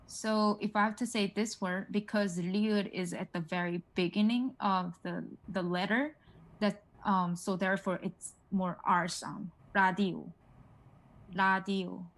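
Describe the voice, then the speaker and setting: A woman's voice: mid-range voice, fairly even intonation, measured pace, rough recording. Woman, casual tutor, filler-heavy explanations, models words for repetition. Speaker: Korean language tutor. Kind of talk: casual one-on-one language lesson.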